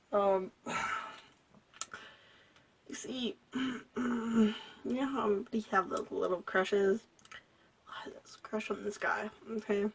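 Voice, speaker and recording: A young woman from Michigan casually telling embarrassing stories to camera, giggling, rambling, and slipping between whispers and loud bursts. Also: medium pitch, breathy edge. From Michigan, USA. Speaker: vlogger.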